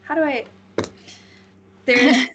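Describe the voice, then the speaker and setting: A woman's voice: high-pitched, fairly even intonation, slow pace, fairly bright tone, slight background noise. Woman game master, rambling descriptive narration, lots of fillers. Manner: rambling, searching for words.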